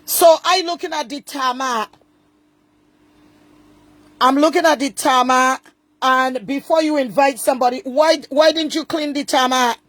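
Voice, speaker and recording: A woman's voice: sits high, unhurried, long pauses, fairly bright tone. A woman giving casual, indignant commentary from home and repeating her points for emphasis. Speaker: online commentator.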